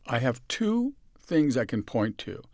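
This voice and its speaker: A man from San Francisco, a guest in an interview, telling personal stories in a halting, reflective way and dropping softly when he quotes others. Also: medium pitch, sing-song, dry recording, clean studio sound. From San Francisco, USA. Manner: halting with restarts, soft dramatic dips when quoting others.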